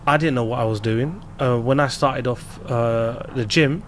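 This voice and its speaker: A man with a London accent, a guest entrepreneur on a podcast, chatting casually and telling lively anecdotes with slang. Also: mid-range voice, normal speed, a little hiss or hum. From England. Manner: animated storyteller, laughs while telling anecdotes, slangy.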